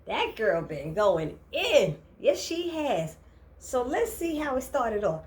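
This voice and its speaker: A lively woman talks through a TV episode recap. Her voice sits a bit high, and she laughs often and throws herself into acting out the characters' lines. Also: takes it slowly. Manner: expressive, laughing, acts out quotes. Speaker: TV recap vlogger. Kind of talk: casual animated recap.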